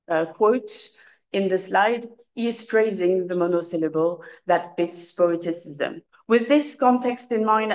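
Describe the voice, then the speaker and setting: A woman's voice: mid-range voice, rough recording. Woman reading a conference paper. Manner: measured, formal delivery with occasional hesitations. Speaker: academic conference speaker. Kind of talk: reading a prepared paper aloud. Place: lecture room at a conference.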